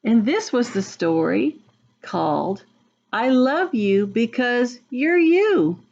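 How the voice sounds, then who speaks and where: Woman, storytime reader for young kids; slow, gentle, asks questions; muffled lo-fi sound. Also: fairly high pitch. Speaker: early-childhood reader. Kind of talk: reading a picture book aloud to young children.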